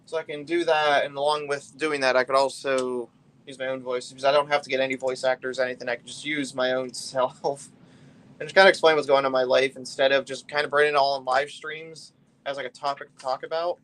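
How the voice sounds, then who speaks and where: A man's voice: mid-range voice, flat delivery, fast talker, a bit bright. A man chatting casually on a live stream while building a brick set, rambling loosely and often trailing off mid-thought.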